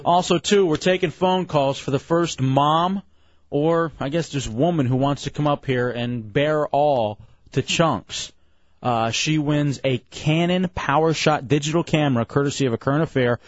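A man hosting a radio show from the studio, fast and joking with callers and co-hosts. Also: on the high side, no room sound. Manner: brash, joking, fast patter. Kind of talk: casual radio banter. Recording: slightly muffled radio broadcast.

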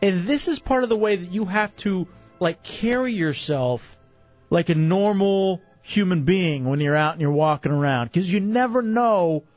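Podcast co-host, man, higher pitch, lively storyteller, dry close recording. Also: normal speed, no echo, highs cut off, soft background music. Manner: animated storytelling, reads news bits with commentary. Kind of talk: casual chat.

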